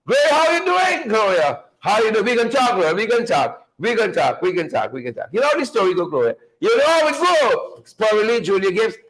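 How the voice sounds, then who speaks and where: Animated Guyanese man greeting livestream viewers. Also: sits high, brisk, hardly any pauses, low-quality recording. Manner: animated, playful, repeats phrases for emphasis. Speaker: livestream show host. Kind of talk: lively livestream welcome, greeting viewers by name.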